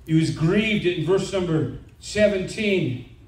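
A middle-aged man preaching a sermon as a visiting evangelist, animated, with stammered restarts and frequent amens. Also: high voice, slow, distant mic. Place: church sanctuary. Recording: echoey church, voice from afar.

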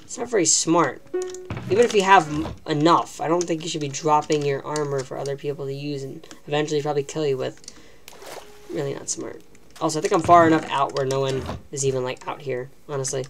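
A woman's voice: low voice, fairly even intonation, brisk, crowd noise. A woman giving live, self-mocking commentary while playing a video game, talking to herself as she plays. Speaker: gaming channel host.

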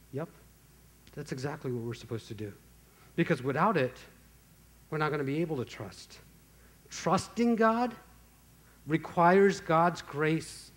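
A man delivering a sermon with a slightly high-pitched voice. He preaches earnestly, leaning into slow, emphatic phrases and building intensity as he pleads with his listeners. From Texas, USA. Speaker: pastor.

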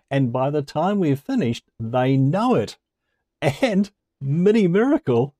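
A man explaining a language lesson to camera in a relaxed, conversational way, chuckling now and then. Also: mid-range voice, no room sound, studio quality. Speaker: language teacher.

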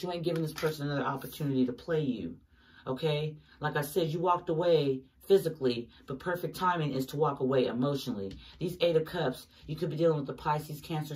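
A woman's voice: rumbling low, darkish tone, distant mic. A woman giving a casual tarot reading, talking emphatically to her viewers and cursing often. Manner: emphatic, swears often, talks straight to viewers. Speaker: tarot reader.

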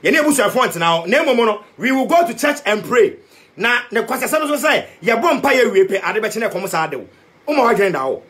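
A Ghanaian-accented man preaching a passionate political rant to the camera. His voice sits very high for a man and swoops up and down as he repeats himself for emphasis. He mixes Twi and English as he rails on. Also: pushed and bright. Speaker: youth activist vlogger.

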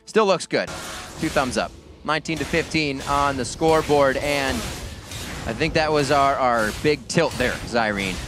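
A male esports caster calling a match over a steady music bed. He has a mid-pitched voice and slips from calm analysis into high, loud shouts when the action heats up. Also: unhurried. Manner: erupts into high-pitched excitement during fights. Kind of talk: play-by-play commentary.

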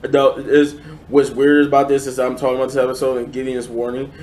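A man's voice: medium pitch, little pitch movement, a little fast, darkish tone. A man giving a casual, unscripted review, rambling with many restarts and fillers. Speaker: show reviewer.

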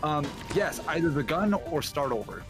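A man co-hosting a comedic gameplay chat, mockingly reading a story aloud in halting starts. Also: on the high side, expressive, music in the background.

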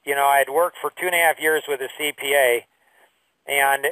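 A man teaching a business course through rambling stories, full of fillers, his voice jumping high when he quotes people. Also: steady tone, a little fast, pushed and bright, no echo, far from the mic, poor audio. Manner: rambling storyteller with many fillers. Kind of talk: anecdotal online lesson.

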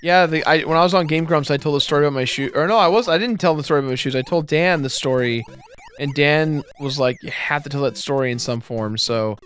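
With a slightly high, somewhat bright voice and a fast delivery, this twenty-something let's play co-host tells a meandering story over faint game music. He comments casually and chuckles at his own jokes.

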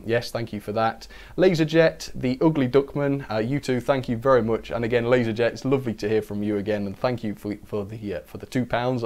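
A man's voice: mid-range voice, a little mellow. A man hosting a casual model train live stream, chatting upbeat and thanking viewers. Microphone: camera-mounted microphone.

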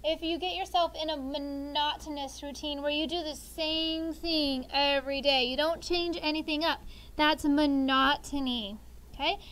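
A woman's voice: sits high, fairly even intonation, measured pace, a bit bright, a little hiss or hum, poor audio. A woman teaching a sixth grade vocabulary lesson, chatty, explaining words with everyday examples and checking in with "okay?".

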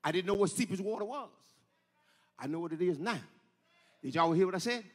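A male pastor preaching a sermon, telling stories and rising into shouted, sing-song peaks. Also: high-pitched, expressive, fairly quick. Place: church sanctuary. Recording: echoey church hall.

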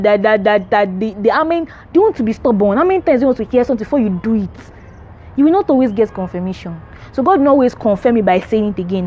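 A woman's voice: medium pitch, dark tone, slight background noise. A young adult woman gives an emphatic, repetitive faith teaching to camera, urging her listeners on. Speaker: Christian vlogger.

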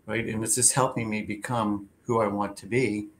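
A man hosting a career show, chatting casually, telling anecdotes and filling pauses with "like" and "you know". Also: lowish voice, fairly even intonation, slight background noise. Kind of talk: casual interview chat.

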